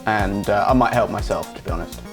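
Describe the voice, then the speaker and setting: A man's voice: fairly low pitch, fast, creaky, faint music behind. A man playing a tabletop role-playing game in a playful, mock-posh way. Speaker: player.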